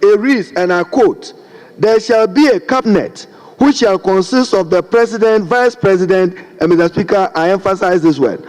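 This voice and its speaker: Middle-aged guy giving a parliament speech, orator style, mellow tone, big echoey hall. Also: high voice, moderate pace. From Ghana. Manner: oratorical, repeatedly addressing the Speaker. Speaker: member of parliament. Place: large parliamentary chamber. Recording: long chamber reverb.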